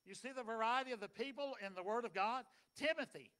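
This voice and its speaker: A man preaching a sermon, folksy and dynamic, swinging between loud and soft. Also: extremely high pitch, quick pace, smooth. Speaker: pastor.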